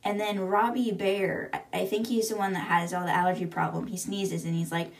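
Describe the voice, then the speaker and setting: A woman's voice: medium pitch, flat delivery, brisk, hardly any pauses. Chatty young woman recapping a book. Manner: chatty, lots of fillers, reacts to the story. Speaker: podcast host.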